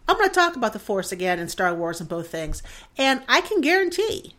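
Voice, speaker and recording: A woman's voice: fairly high pitch, very animated, fairly quick, bright, forceful tone. A woman in her forties talks alone into her podcast mic. Her talk rambles, emotional and self-deprecating, and she keeps laughing at herself. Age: 40s. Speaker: podcast host. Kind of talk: solo podcast monologue. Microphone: desk mic in front of a screen.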